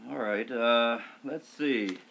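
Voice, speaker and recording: A man's voice: mid-range voice, takes it slowly, a bit bright, slight background noise. A young man co-hosting a casual, profane chat show, telling stories with frequent laughs. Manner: laughing storyteller. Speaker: co-host.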